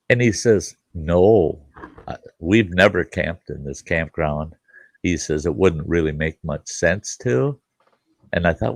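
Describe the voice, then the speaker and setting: Gravelly low-voiced man telling camp stories. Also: a little slow, no room sound. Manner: folksy, swears casually, acts out both sides of conversations. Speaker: campground host and show host. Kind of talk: casual storytelling chat.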